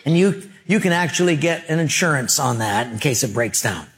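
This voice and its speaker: A male pastor preaching a sermon with humorous stories, emphatic pauses and rhetorical questions. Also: mid-range voice, animated, fairly bright tone.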